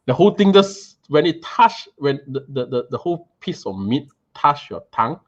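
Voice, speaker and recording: An animated man, chatting casually about a meal. He tumbles over his words and repeats himself. The recording is a little muffled and lo-fi. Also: medium pitch, moderate pace. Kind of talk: casual storytelling chat.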